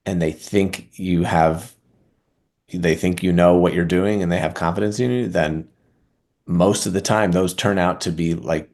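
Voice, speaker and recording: A male oral surgeon guest on a podcast, speaking in a relaxed, reflective way with frequent fillers. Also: deep voice, a little slow. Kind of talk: conversational podcast interview.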